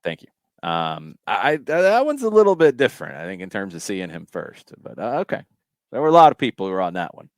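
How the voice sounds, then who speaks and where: A man's voice: lowish voice, huge pitch swings, fairly quick, no room sound. A man hosting a casual soccer podcast, reading out listener questions and thinking aloud with frequent restarts and fillers. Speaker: podcast host.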